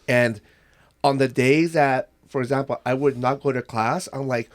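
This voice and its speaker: Man, aikido practitioner, podcast chat, relaxed, reflective, mid-range voice. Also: mid-range voice, normal speed. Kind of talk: casual podcast discussion.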